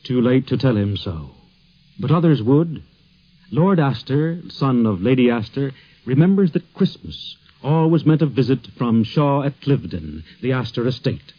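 A male narrator delivers scripted documentary narration calmly and at a measured pace. His voice sounds muffled and lo-fi, as if set a little back from the mic. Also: medium pitch.

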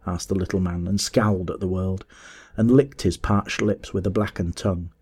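A man narrating a story in a measured, expressive audiobook reading. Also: low-pitched, breathy edge.

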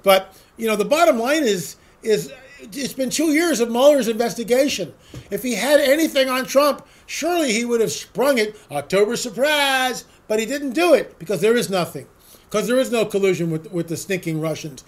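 Man, high-pitched voice, political talk host, emphatic, sarcastic, rhetorical questions. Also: animated, a little fast. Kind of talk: opinion monologue.

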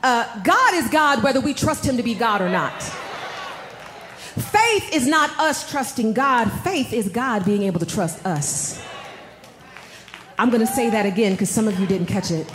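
Woman, preacher, high voice, echoey room, animated storytelling. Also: normal speed. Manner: animated storytelling, addresses audience as y'all. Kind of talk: sermon with personal story.

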